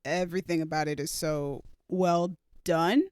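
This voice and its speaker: A man's voice: fairly high pitch, steady tone, measured pace, a little mellow, clean tone, no room sound, clean studio sound. A man co-hosting a movie review podcast, chatting casually and with enthusiasm. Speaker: podcast co-host.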